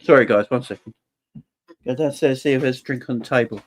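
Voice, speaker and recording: A young man hosting a football fan livestream, casually and cheerfully shouting out viewers in the chat. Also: mid-range voice, a little fast. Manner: upbeat, shouting out viewers by name. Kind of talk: casual live-stream chat.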